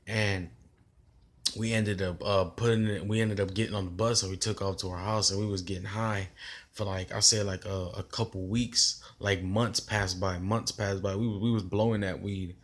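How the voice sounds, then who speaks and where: A man's voice: on the low side, fairly even intonation, normal speed. A young man telling a story in a casual vlog, with loose slang and rambling restarts.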